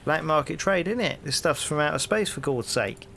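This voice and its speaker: A man voicing a gruff, lazy male London street copper in a point-and-click game, talking in brash Cockney rhyming slang. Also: on the high side, lively intonation, normal speed, sharp tone, slight background noise, voice pushed up, heavily acted. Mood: boastful.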